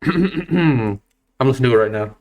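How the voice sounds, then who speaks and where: A man's voice: medium pitch, animated, unhurried, darkish tone. A man in his twenties streaming a game, chatting casually in a nervous, self-deprecating way, often stammering and laughing. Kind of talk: casual live-stream chat.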